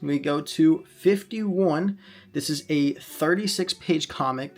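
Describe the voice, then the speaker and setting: A man's voice: fairly high pitch, creaky, husky. A man casually reviewing comic books in a chatty vlog, recapping plots with fillers along the way.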